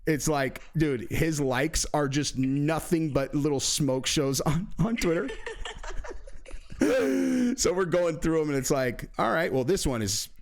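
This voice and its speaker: A man's voice: on the high side, unhurried. A man hosting his own channel, talking crudely and casually, swearing and laughing at his own jokes. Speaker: YouTube host.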